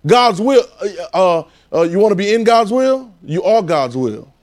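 A man's voice: sits high, lively intonation, moderate pace. Southern man preaching a call-and-response sermon. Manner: conversational call-and-response preaching, coaxing the audience.

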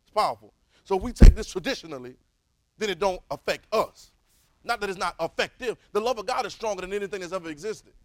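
A man, teaching a Bible class in a preaching style, calling for responses and swinging from soft to loud. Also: high voice, expressive, quick pace, no room sound, low-quality recording.

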